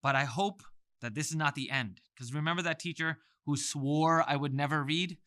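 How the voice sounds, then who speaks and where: Man, bright energetic teacher, playful mnemonic delivery, slightly high voice. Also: normal speed. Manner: animated, playful, exaggerated sounds. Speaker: Arabic letters teacher.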